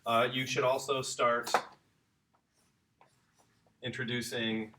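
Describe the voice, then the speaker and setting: A man's voice: medium pitch, little pitch movement, slow pace, pushed and bright, slight background noise. A man teaching a casual lesson, talking straight to the kids and their parents with eager enthusiasm. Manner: enthusiastic, chatty, addresses the kids directly. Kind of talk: informal home-school lesson.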